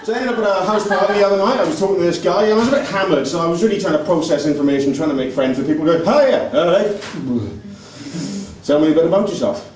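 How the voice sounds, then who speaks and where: A man comedian telling brisk, chatty stories about a party on stage. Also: high-pitched. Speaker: stand-up comedian. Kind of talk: stand-up set. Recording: echoey club room heard from a distance.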